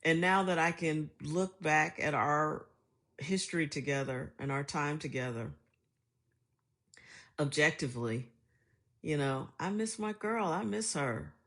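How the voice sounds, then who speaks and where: A woman's voice: low voice, unhurried, pauses often, fairly bright tone. A middle-aged woman talking in a casual vlog monologue, chatty and reflective, laughing often as she tells stories. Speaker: vlogger.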